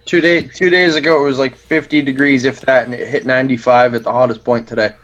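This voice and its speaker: A man's voice: mid-range voice, steady tone, fast talker, a bit bright, lo-fi sound. Man, laid-back, casual chat, casual swearing, mid voice.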